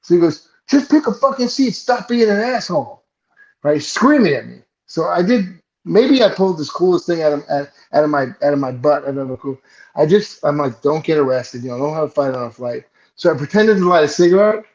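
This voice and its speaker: A man's voice: a little high, a little fast, darkish tone, lo-fi sound. A man on a remote call telling a rambling, profane comic story in casual chat, laughing at his own punchlines. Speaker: show regular telling a story.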